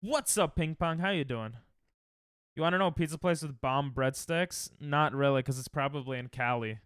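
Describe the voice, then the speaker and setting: A young American man chats casually as he streams a guessing game, joking with and ribbing his viewers. His voice sits a bit high and sounds smooth and clear. The mic is close and dry, with no room sound. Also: moderate pace, a bit bright, no echo. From United States. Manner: joking, trash-talking chat, thinking aloud. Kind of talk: casual live-stream chatter while playing.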